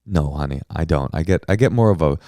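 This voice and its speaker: A man's voice: very deep voice, quick pace, dry recording, clean studio sound. A middle-aged man co-hosting a comedy podcast, telling stories animatedly and acting out the people he quotes. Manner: animated storyteller, acts out quotes. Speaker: podcast co-host. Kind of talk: casual comedic chat.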